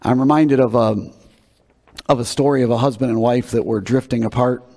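A man's voice: medium pitch, fairly even intonation, a little fast, creaky, darkish tone. A man preaching a sermon in a conversational, emphatic way, often repeating words as he builds a point. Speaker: pastor. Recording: long hall reverb.

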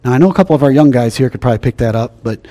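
An older man preaching a sermon as pastor, emphatic, slowing down and dropping his voice to drive key points home. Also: mid-range voice. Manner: emphatic, slows down and drops to a hush for key points. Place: church sanctuary. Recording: long hall reverb.

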